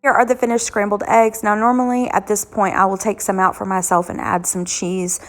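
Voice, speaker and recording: A woman in her thirties or forties, a cooking channel host, hoarse from illness, chatting casually with lots of ums as she walks through weeknight dinners. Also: mid-range voice, level tone, brisk, soft background music. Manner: chatty, homey, frequent "um" fillers. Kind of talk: casual cooking vlog narration.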